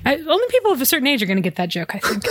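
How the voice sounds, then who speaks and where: A woman in her thirties with a Midwestern US accent, co-hosting a podcast in casual chat, self-deprecating and quick to laugh. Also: high-pitched, huge pitch swings, background noise. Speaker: podcast co-host.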